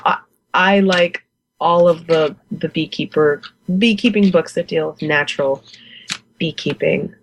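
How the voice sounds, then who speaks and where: A woman's voice: fairly low pitch, a little hiss or hum, rough recording. A woman in her forties from the United States, a guest beekeeper chatting in an interview, enthusiastic and laughing often. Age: 40s. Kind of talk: casual interview chat.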